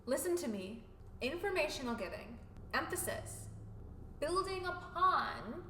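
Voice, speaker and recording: Animated young woman vlogger, echoey room. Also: high voice, measured pace, slight background noise. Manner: animated and expressive, shifting between loud and quiet. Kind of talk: casual talking-head vlog.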